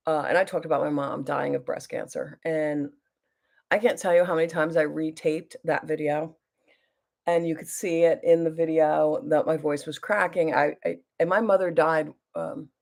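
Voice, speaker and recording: A middle-aged woman chatting casually as she does her makeup and reads viewer comments aloud. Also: fairly low pitch. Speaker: beauty vlogger. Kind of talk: casual get-ready-with-me chat.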